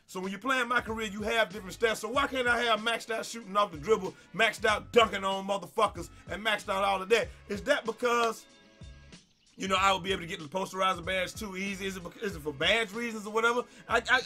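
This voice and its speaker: Male gaming YouTuber, fired-up exasperated rant, high-pitched and tense, stumbling over repeats. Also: fairly quick, soft background music. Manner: animated, exasperated ranting with stammered repeats and swearing.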